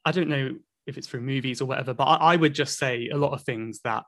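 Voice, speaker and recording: A man's voice: mid-range voice, steady tone, fast talker, a bit bright. A man from Cornwall, chatting as an interview guest in a thoughtful, hesitant way with many restarts. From Cornwall, England. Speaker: podcast guest, English coach. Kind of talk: casual interview chat.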